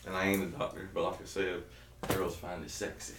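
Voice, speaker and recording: A man's voice: deep voice, completely flat delivery, fairly quick, reverberant, far from the mic, background noise. Rambling Southern man in his thirties. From South Georgia, US. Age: 30s. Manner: rambling, jokey, self-interrupting. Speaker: keto vlogger. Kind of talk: casual rambling vlog.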